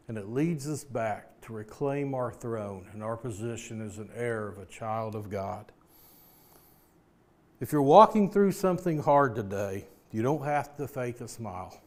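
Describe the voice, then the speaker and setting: A man's voice: mid-range voice, darkish tone. A man giving a motivational devotional talk, retelling a story in an earnest, plain-spoken way. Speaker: speaker giving a weekly motivational message.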